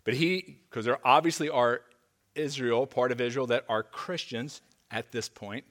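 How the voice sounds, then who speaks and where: A man's voice: mid-range voice, fairly even intonation, measured pace, fairly bright tone. A man, a pastor, preaching a sermon in a church. He reads scripture with emphasis, then slips into casual asides with stammered restarts. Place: church sanctuary.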